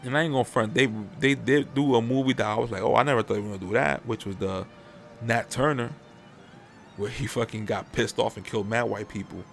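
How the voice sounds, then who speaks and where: A man's voice: mid-range voice, fairly quick, creaky, faint music behind. A man hosting a podcast in casual chat, rambling and swearing freely as he airs his opinions. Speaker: podcast host.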